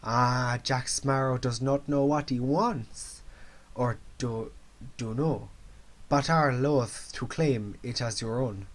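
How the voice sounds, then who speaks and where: A cryptic female sea witch with a clumsy, put-on Jamaican accent, played by a man. She speaks slowly and mysteriously in broken grammar. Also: mid-range voice, natural voice. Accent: put-on Jamaican, poorly done.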